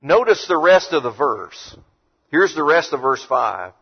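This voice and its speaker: A man preaching a sermon emphatically, slowing down to read verses. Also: on the high side, big pitch swings, breathy edge. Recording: dull lo-fi sound with long hall reverb.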